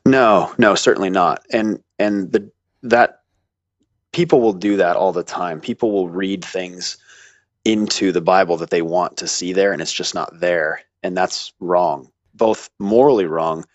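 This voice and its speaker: Deep-voiced man, casual, thoughtful explainer with dry humor, dull dry recording. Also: measured pace, no echo. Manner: thoughtful, hedging, with dry jokes. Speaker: guest, seminary graduate.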